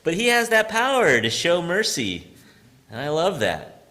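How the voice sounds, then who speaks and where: A man's voice: a little high, wildly swooping pitch, measured pace, pushed and bright. A man preaching a casual, conversational sermon as pastor, chatty and self-deprecating, laughing often as he tells stories. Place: church sanctuary. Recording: long hall reverb.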